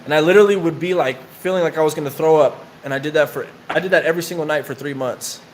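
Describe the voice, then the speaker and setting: A man's voice: fairly high pitch, rapid-fire, slight background noise. Profane slangy man telling stories. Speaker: vlogger telling prison stories. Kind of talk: casual storytelling while getting tattooed.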